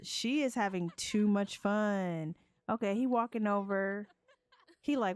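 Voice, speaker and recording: A woman narrating a life-sim game let's play in a slangy, playful, animated way. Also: mid-range voice, measured pace, smooth, no echo.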